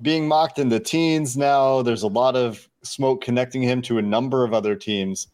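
A man co-hosts a sports podcast in relaxed chat, working through his reasoning out loud. He strings ideas into long lists and often restarts a phrase mid-thought. His voice sits at a plain middle pitch. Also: moderate pace. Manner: analytical, long run-on lists, frequent restarts. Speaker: podcast co-host.

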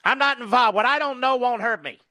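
A man's voice: very high-pitched, brisk, sharp tone, dry recording. A man hosting talk radio, delivering combative, sarcastic commentary.

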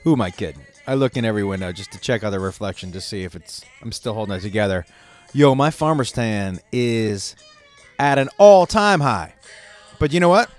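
A touring performer chatting casually in a hotel room, his voice hoarse and rough as if he had been smoking, talking in a rambling, self-mocking way. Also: on the low side, lively intonation, a little fast, faint music behind. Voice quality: rough, smoky-sounding. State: hoarse, lost voice. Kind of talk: casual vlog chat.

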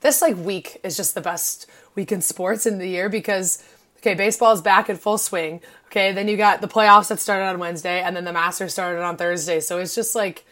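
A woman in her twenties from Illinois, co-hosting a casual podcast and talking in an excitable, gushing way with lots of "like" fillers. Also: lowish voice, fairly quick. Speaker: podcast co-host.

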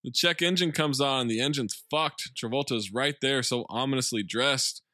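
A man co-hosting a comedy podcast, casually narrating a film's plot in a deadpan way with plenty of swearing. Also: medium pitch, normal speed, no echo, clean studio sound. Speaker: podcast co-host recapping a film. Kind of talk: casual comedic movie recap.

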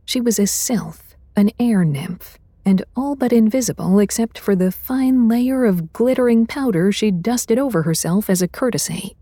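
A woman reading first-person fantasy fiction as narrator in a measured, wry way. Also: mid-range voice, lively intonation, mellow, dry recording.

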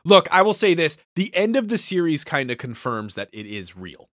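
Male podcast co-host, animated delivery, dry close sound, swears freely. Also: a little high, normal speed, no room sound. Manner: excitable, swears freely, retells scenes. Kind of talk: casual recap chat.

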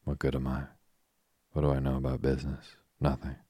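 A man reading the part of an honest, downcast young ex-soldier in a soft, unhurried voice. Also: extremely low pitch, completely flat delivery, dry recording, studio quality. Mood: glum.

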